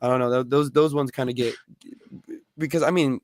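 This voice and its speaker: A man's voice: medium pitch, fairly quick, dry recording, clean studio sound. A young man co-hosting a podcast in casual chat, telling stories and acting out quoted lines with lots of energy. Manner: animated storyteller who acts out quoted lines. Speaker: podcast co-host.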